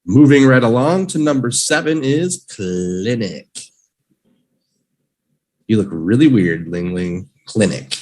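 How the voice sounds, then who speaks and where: A man teaching English vocabulary in a live online lesson, drilling each word slowly and cheering learners on playfully. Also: mid-range voice, lively intonation, darkish tone, poor audio.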